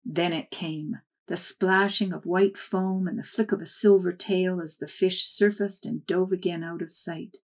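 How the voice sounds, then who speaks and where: A woman reading a first-person memoir aloud in a soft, measured storytelling voice. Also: on the low side, steady tone. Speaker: narrator.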